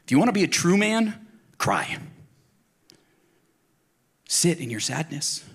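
A man's voice: on the high side, very animated, slow, breathy edge. A man from Colorado giving a casual, conversational sermon as a pastor, earnest and emphatic, speaking straight to his listeners. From Colorado, United States.

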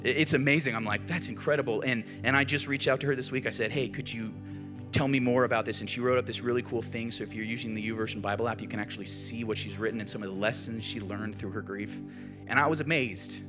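Man, middle-aged, pastor, sermon, animated storytelling, faint music behind. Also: mid-range voice, quick pace. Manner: animated storytelling preacher, shifting from loud emphasis to quiet.

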